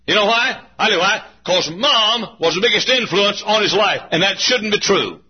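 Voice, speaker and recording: A man preaching a sermon in a church, folksy, swinging from low asides to shouts. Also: expressive, normal speed, slightly rough. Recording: muffled lo-fi recording.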